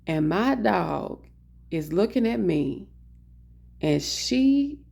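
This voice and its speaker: Chatty woman with a gravelly edge. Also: mid-range voice, extremely slow. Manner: animated, chatty, addresses viewers as "honey". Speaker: vlogger. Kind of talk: casual storytelling chat. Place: indoor office.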